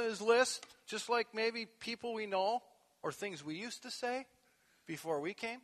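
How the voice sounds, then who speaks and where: A male pastor preaching a sermon, animated, swinging from soft conversational asides to loud emphatic peaks. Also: very high voice, measured pace. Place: church sanctuary. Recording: long echo of a large hall.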